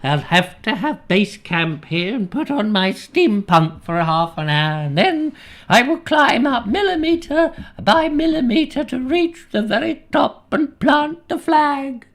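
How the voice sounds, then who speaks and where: A man putting on the voice of a feeble old man inching up a hill, high and strained. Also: expressive, unhurried, fairly bright tone, heavily acted.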